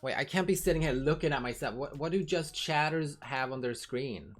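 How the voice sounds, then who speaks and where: A woman's voice: sits low, a little fast. Frank, swearing woman streamer chatting. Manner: frank, swears freely, talks to chat. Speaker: livestreamer. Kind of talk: casual livestream chat.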